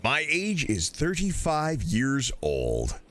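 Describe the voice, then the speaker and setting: A man's voice: medium pitch, wildly swooping pitch, slow, a bit bright, soft background music, full character voice. A man voicing an eager, overly polite role-play character in his mid-thirties who keeps calling others sir. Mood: earnest.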